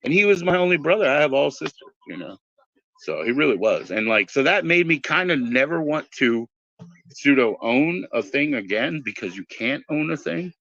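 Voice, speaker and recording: A man in his forties with a bright, forceful voice talks in a loose, meandering way, cursing casually as he drifts between tangents. The sound is dull and lo-fi, with a dry, close feel and no room around it. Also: fairly high pitch, big pitch swings, moderate pace, dry recording. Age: 40s. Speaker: podcast host. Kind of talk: rambling casual chat.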